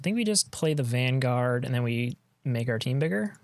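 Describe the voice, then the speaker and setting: A man's voice: mid-range voice, animated, normal speed, hardly any pauses, no echo. A man giving casual commentary on his own card game match, thinking aloud and trailing off mid-sentence, on a close desk mic.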